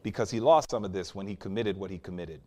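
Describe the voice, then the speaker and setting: A man's voice: low-pitched, quick pace, a little mellow. A man preaching a sermon, teaching with emphasis and asking the listeners questions.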